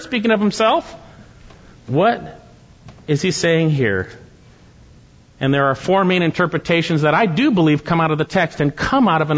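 A man's voice: on the high side, dull audio. Earnest preacher man in a reverberant hall. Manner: earnest, teaching with rhetorical questions. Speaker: pastor. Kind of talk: expository sermon.

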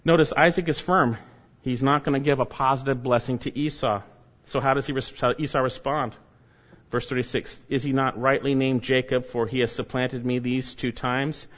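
A man preaching an expository sermon, reading scripture verse by verse and rising to loud, emphatic exhortation. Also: mid-range voice, fairly even intonation, normal speed. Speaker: pastor. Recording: dull lo-fi sermon recording.

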